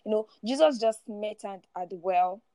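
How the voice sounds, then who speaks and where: A woman in her forties, appearing as a guest speaker, shares her personal testimony, often laughing through it and repeating words as she goes. Her mid-range voice is mellow and moves at a normal speed, with no room sound.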